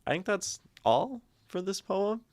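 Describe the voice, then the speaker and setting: A man hosting a livestream, chatting casually and thoughtfully with many halting restarts. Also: sits high, sing-song, darkish tone, no echo. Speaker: livestream host reading community poetry.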